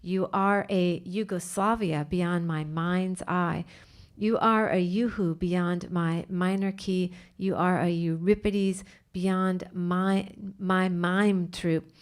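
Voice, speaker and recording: A woman giving a measured, careful poetry reading aloud during a live seminar. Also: fairly low pitch, clean tone. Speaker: poem reader.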